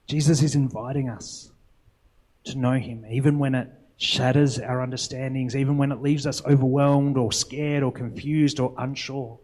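A man's voice: medium pitch, level tone, moderate pace, darkish tone, rough recording. A young adult man preaching a sermon in an earnest, reflective way, often posing rhetorical questions to the congregation.

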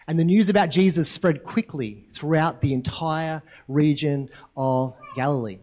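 A man preaching a sermon in a relaxed, conversational way who keeps checking in with his listeners by asking "right?". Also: fairly high pitch, unhurried, hardly any pauses. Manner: conversational, asks the congregation questions, frequent tag "right?". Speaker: pastor.

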